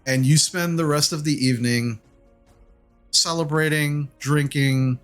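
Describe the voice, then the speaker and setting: Laid-back male game master, higher voice. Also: unhurried, soft background music. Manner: relaxed, filler-heavy narration. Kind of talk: narrating a tabletop game.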